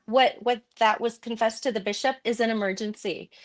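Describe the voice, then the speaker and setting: A woman's voice: fairly high pitch, fairly even intonation, brisk. A woman guest on a livestream talk show, speaking emphatically, repeating her points and swearing when heated. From Utah. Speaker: podcast guest. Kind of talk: casual livestream discussion.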